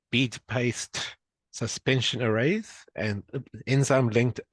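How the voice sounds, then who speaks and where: A low-voiced man from South Africa introduces a speaker on a video call. His manner is relaxed and chatty, and he fumbles a little along the way. The sound is dry and close. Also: dry recording, poor audio. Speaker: journal club host. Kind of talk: casual introduction.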